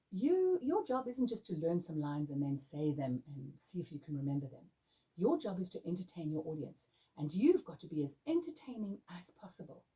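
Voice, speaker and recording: A drama adjudicator gives young performers emphatic, demonstrative coaching tips in an instructional talk. Her voice is lowish, dark, and husky, and the recording is rough.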